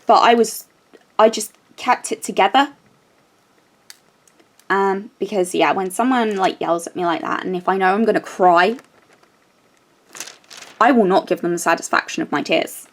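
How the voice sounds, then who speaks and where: A woman's voice: medium pitch, moderate pace, pauses often. Chatty woman telling a story. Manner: animated storytelling, many fillers and restarts. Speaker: crafting vlogger. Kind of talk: casual chat while working on a craft.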